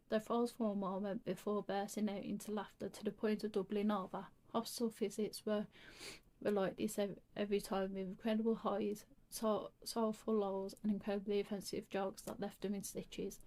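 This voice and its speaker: A woman's voice: mid-range voice, little pitch movement, normal speed, mellow. A woman reading a creepy story aloud, stumbling and restarting often.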